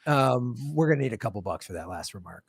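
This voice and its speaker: A man voicing a gruff male company enforcer in a mock-stern, lowered voice. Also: expressive, quick pace, full character voice.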